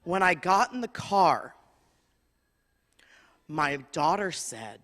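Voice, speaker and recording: A woman rabbi delivers an impassioned sermon in a bright, forceful voice. She builds rhythmic lists and swells into emphatic peaks, and her words ring with the long reverb of a large hall. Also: fairly low pitch, sing-song, slow, pauses often. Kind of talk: sermon with personal storytelling. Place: large spiritual center hall.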